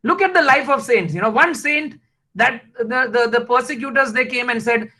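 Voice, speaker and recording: A man giving an emotional, rhetorical motivational talk full of halting restarts. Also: very high-pitched, bright, forceful tone, poor audio. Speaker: invited speaker.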